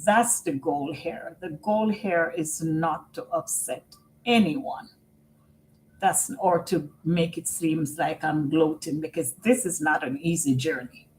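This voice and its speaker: A middle-aged woman live-streaming on her computer at home, talking slowly and earnestly about caring for her father and often repeating herself. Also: deep voice, a little mellow, a little hiss or hum, poor audio. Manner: slow and earnest, repeats phrases. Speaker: vlogger and family caregiver. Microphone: computer microphone.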